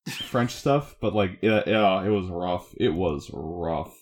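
A man's voice: sits low, takes it slowly. A man co-hosting a podcast, explaining in casual talk full of filler words and restarts. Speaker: podcast co-host. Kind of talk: casual chat.

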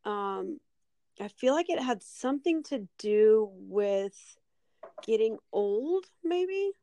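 Excitable, higher-voiced woman podcast host. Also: takes it slowly. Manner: excitable, swearing, rambling with many "like"s. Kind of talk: casual chat.

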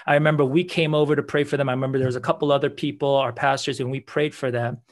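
Talking very fast in a level, mid-range voice, a male pastor tells prayer testimonies during a conversation. He speaks earnestly, circling back over words and performing the quoted dialogue of the people involved.

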